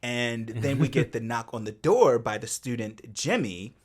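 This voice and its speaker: A podcast co-host animatedly recaps a film in a casual chat, laughing often and acting out quotes. His mid-range voice is unhurried and slightly rough.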